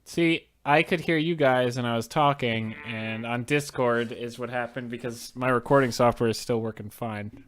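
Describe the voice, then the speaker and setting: A man co-hosting a casual podcast over a voice call, arguing in an animated way and stammering when he gets excited. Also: mid-range voice, normal speed, slight background noise. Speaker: podcast host. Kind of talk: casual chat.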